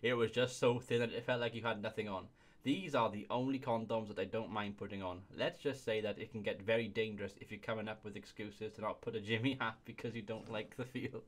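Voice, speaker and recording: A man's voice: lowish voice, steady tone, fairly quick, few pauses. A young man hosting a casual comedy video, reading reviews aloud and often breaking into laughter. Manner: giggly, keeps breaking into laughter. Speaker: video host.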